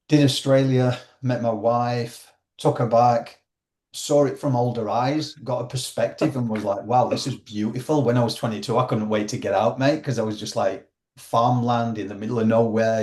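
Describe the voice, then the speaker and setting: A man's voice: mid-range voice, darkish tone. Chatty Yorkshire man in a roomy space. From Yorkshire, England. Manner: chatty, says "mate" often. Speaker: podcast host. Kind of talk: casual interview chat.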